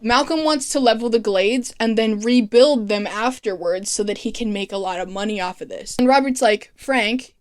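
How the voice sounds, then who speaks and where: A woman talks through a TV season in a loose, chatty recap, full of swearing and sarcastic asides. Her voice sits a little high and comes across smooth and clear. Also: moderate pace, hardly any pauses. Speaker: TV recap vlogger. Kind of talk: casual, profane recap commentary.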